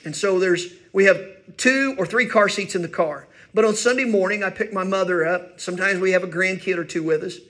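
An older male pastor with a notably high voice delivers a sermon in a roomy, echoing church. He preaches in a folksy, self-deprecating way, leaning on stories from home. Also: a little fast, a bit bright. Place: church sanctuary.

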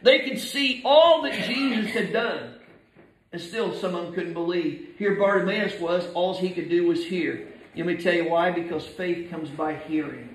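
High-voiced man preaching a sermon. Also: a little slow, a little hiss or hum, poor audio. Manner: emphatic preaching, swinging from soft to shouted.

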